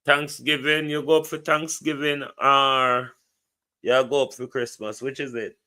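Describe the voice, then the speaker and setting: Here the host is a man with a Jamaican accent, welcoming viewers by name and giving out a phone number during a laid-back stream. He speaks at a measured pace in a mid-range voice with little pitch movement, bright, forceful and smooth. A phone or computer mic records him.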